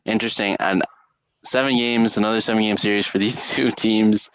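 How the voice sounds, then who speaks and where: A man's voice: on the low side, fairly even intonation, a little fast, fairly bright tone, smooth, dry recording. A young man co-hosting a casual sports podcast, rambling with lots of fillers and restarts. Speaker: podcast co-host.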